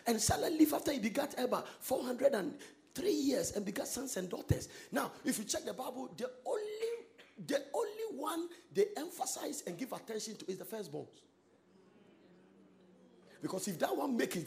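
A man preaching a sermon, swinging between quiet asides and loud, sung-out lines. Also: very high-pitched, very animated, normal speed, creaky. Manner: emphatic preaching with sudden shouted, sung-out phrases and laughter. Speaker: pastor.

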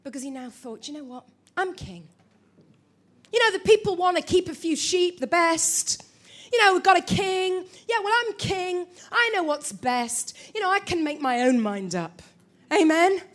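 Woman preacher, very high voice, lively storytelling sermon, engages the congregation. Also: normal speed. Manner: storytelling, animated, calls out to congregation.

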